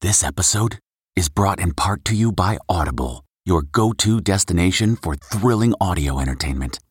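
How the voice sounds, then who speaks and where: A man reading a scripted promotional ad in a smooth, even delivery. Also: sits low, normal speed, no room sound, clean studio sound. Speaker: ad announcer. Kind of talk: scripted ad read.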